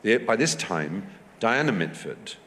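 An English man in his fifties telling anecdotes at a festival talk, lively and animated, slipping into high voices to act out what people said. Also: measured pace, a little hiss or hum. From England. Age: 50s. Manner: animated storyteller, acting out quotes with high squeaky voices. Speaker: guest speaker. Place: large festival hall. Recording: echoey hall recording.

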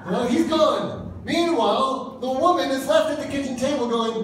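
A man's voice: very high-pitched, big pitch swings, moderate pace, noisy background. A man in his fifties, a pastor giving a humorous sermon and acting out little dialogues in different voices. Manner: jokey, acts out dialogue in voices. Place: church hall. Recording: very echoey hall from far off.

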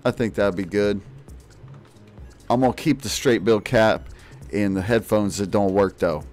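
A man's voice: on the low side, unhurried, a little mellow, faint music behind. A man doing parody streamer commentary over gameplay, boastful and mock-serious, full of jokey slang. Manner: jokey slang-filled patter. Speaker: gaming video creator.

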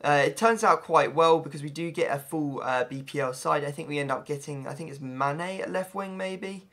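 A man giving chatty, excitable gameplay commentary, his voice hoarse and a little gravelly. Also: a little high, normal speed. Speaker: gaming YouTuber.

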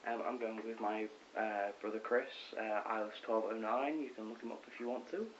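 A teenage boy vlogging from his bedroom, rambling excitedly with lots of ums and self-corrections. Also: lowish voice, normal speed. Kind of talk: casual rambling vlog. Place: bedroom at home. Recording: dull lo-fi with faint hiss.

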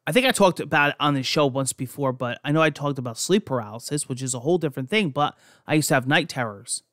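A young man from New Jersey tells his stories casually, cursing freely and restarting his sentences as he goes. His voice sits on the higher side for a man. The recording is dry and close, with no room sound. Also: animated, quick pace, fairly bright tone, no echo. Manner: rambling, profane, frequent restarts. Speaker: podcast host. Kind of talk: casual personal storytelling.

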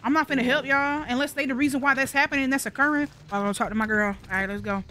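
A woman's voice: high-pitched, fast, pushed and bright. A woman giving casual let's-play commentary, joking bluntly and sarcastically with heavy profanity and rambling asides to viewers. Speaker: gaming commentator.

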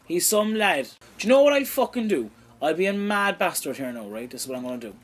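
A young Irish man commentating his own video game play, excitable and swearing freely, shouting at big moments. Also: sits high, fast, breathy edge. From Ireland. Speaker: gaming YouTuber.

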